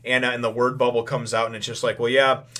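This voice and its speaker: A man's voice: medium pitch, little pitch movement, fast talker, pushed and bright. Guy doing a chill recap on his channel, medium voice, rambles a lot, you know-you know, little chuckles. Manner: chuckles now and then. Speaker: channel host reviewing comic chapters. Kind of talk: casual chat recap.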